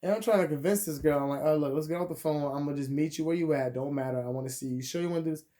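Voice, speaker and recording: Profane, animated man ranting on camera. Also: a little high, racing. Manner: crude, animated, swings between loud outbursts and muttered asides. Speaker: vlogger. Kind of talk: profane storytime rant.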